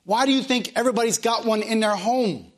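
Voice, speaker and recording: Guy pastor with a high voice preaching folksy in church, keeps asking the room questions. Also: fairly quick. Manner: folksy preaching with plain country speech and repeated rhetorical questions. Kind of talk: sermon.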